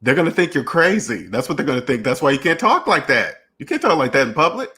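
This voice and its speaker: A man's voice: on the high side, very animated, quick pace, sharp tone, breathy edge. A man hosting a finance channel, talking in a rambling, repetitive solo monologue and acting out imagined dialogues. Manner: repetitive, restarts phrases, emphatic.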